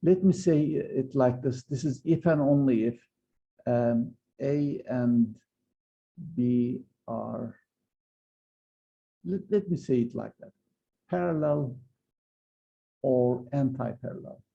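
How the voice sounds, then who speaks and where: Male physics lecturer, gravelly and very dark tone, hesitant delivery, muffled lo-fi recording. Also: mid-range voice, slow, pauses often. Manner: hesitant, many fillers and restarts. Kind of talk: university lecture.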